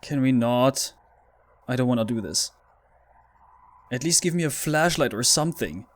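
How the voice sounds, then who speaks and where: A man's voice: medium pitch, expressive, moderate pace. A frightened man commentating a horror game playthrough, pleading with the game and talking to himself. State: scared, shaky. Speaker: gaming YouTuber.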